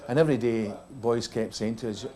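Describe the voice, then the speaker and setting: A middle-aged Scottish man tells a comic after-dinner story from a rugby tour, acting out the other characters' voices as he goes. He speaks at medium pitch, a little fast, with a warm tone.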